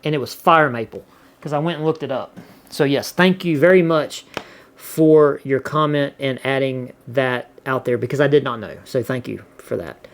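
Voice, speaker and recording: A man's voice: medium pitch, normal speed, slight background noise. A middle-aged man, casually chatting to his viewers and reading their comments aloud in a rambling, easygoing way. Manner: laid-back, rambling, repeats words and restarts often. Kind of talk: casual chat.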